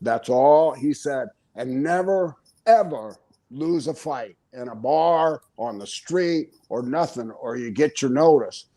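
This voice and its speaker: An older man who is a guest on an interview podcast, telling stories in a casual, animated way, chuckling often and acting out the quoted voices. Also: medium pitch, slow. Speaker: interview guest, retired pro wrestler.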